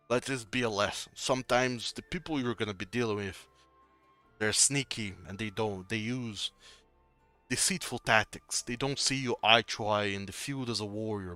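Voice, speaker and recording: Man playing a gruff, sullen young warrior, slightly lower and quieter than his own voice, bright and smooth. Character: sullen, proud young male warrior with an axe.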